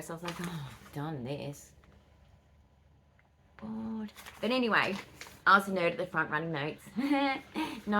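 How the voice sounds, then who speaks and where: Excitable Australian woman in her fifties. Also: mid-range voice. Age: 50s. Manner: excitable storytelling, quick asides. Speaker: vlogger. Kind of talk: casual chat.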